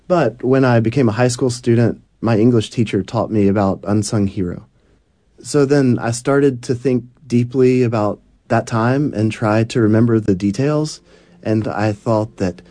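A male English teacher interprets a student's personal story for radio. He talks in a gentle, unhurried way. His voice is low and dark-toned. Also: dry recording.

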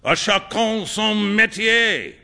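A man's voice: high voice, animated, slow pace, vocal fry, sharp tone, pitched above the performer's own voice, heavily acted. A man voicing a jovial male painter in a storybook reading, with a theatrical, amused delivery. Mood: airy. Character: jovial wealthy-world male painter, teasing.

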